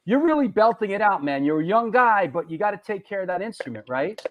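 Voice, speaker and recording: Middle-aged guy hosting a live show, kinda high voice, keeps repeating himself. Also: very animated, fast, muffled recording, a little hiss or hum. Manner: rambling, repeats words and restarts often. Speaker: host. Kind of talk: casual chat.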